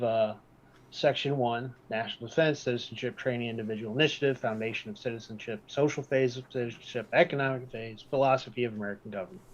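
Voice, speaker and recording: Deliberate male presenter, lo-fi sound. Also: mid-range voice. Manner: deliberate, repeats key points. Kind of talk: reading-based presentation.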